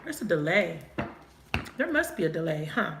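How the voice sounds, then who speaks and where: A woman giving a live tarot reading, thinking aloud and asking quick, emotive questions. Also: fairly low pitch, big pitch swings, gravelly. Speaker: tarot reader. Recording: echoey room, faint noise.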